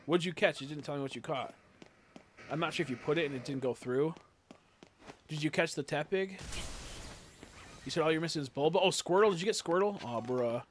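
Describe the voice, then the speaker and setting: A young man in casual live-stream chat, rambling and swearing as he talks to his viewers. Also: on the high side.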